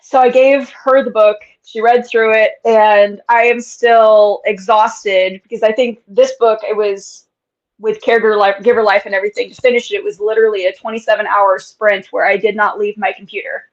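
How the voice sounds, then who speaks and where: Woman, author guest, candid and chatty, frequent laughs, medium pitch, dull lo-fi audio. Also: steady tone, moderate pace. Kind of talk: casual interview chat. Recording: dull lo-fi sound.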